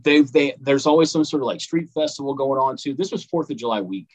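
On a podcast, a Midwestern American man in his thirties casually tells a travel story and laughs easily. He co-hosts the show, speaking briskly in a mid-range voice with a darkish tone. The recording is rough.

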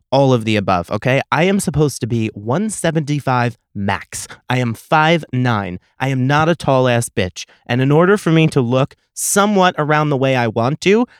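A young man hosting a solo comedy podcast, telling stories in a profane, sarcastic, animated way. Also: mid-range voice, clean tone, no echo, clean studio sound. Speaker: podcast host.

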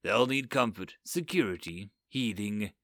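A worn-out paladin grumbles and mutters with dry, sardonic humor, as a man plays him. His voice jumps between low mutters and sharp, raised outbursts. The recording is dry and close. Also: lively intonation, a little slow, dry recording. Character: weary, sardonic adult male paladin, gruff.

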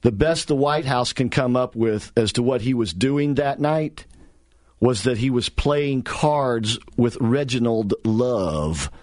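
A man's voice: mid-range voice, slow, a little mellow. A man hosting political talk radio, speaking in a sarcastic, heated way with many restarts and repeated words.

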